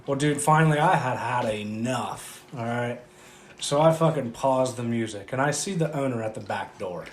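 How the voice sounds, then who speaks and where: A man's voice: medium pitch, moderate pace, a crowd in the background. Casual man swearing on a roomy podcast. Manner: profane, rambling. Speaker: podcast co-host. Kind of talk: casual chat. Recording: roomy echo, faint background hum.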